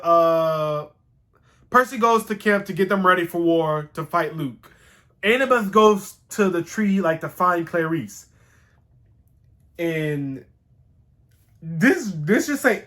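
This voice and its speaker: A man giving a casual, rambling recap of a TV season, animated and excitable and swearing freely. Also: high-pitched. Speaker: show host reviewing a TV series.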